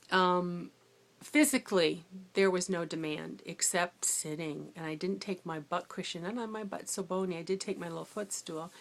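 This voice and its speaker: A middle-aged woman, tired from a sleepless night, telling a rambling, chatty story about her day substitute teaching, and growing animated when she quotes herself. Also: lowish voice. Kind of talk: casual storytelling vlog.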